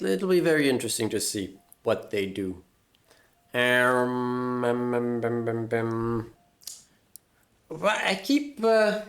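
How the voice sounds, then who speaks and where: Unhurried guy streamer, rambling live chat. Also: mid-range voice. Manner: rambling, self-mocking jokes, drawn-out fillers. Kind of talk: casual live-stream chat while gaming.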